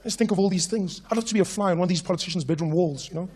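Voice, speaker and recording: A young man with a South African accent performs stand-up on a live stage, his voice sitting a little high. He talks animatedly and slides into mock-pompous put-on voices. A faint room ambience hangs behind him. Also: rapid-fire, darkish tone, slight background noise. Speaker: stand-up comedian. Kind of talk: stand-up comedy. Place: comedy stage before a live audience.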